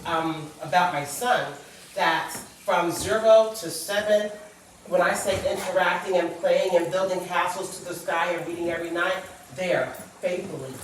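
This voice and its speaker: A woman's voice: on the low side, moderate pace, a little hiss or hum. A middle-aged woman, a guest author, sharing a personal story on a talk show in an earnest, reflective way. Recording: echoey room, far from the mic.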